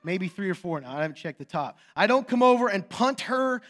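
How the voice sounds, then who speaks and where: Thirties guy preaching, higher voice, lively storyteller, goes quiet then loud. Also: a little fast. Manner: animated storytelling, swings between hushed and loud. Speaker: pastor. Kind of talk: sermon.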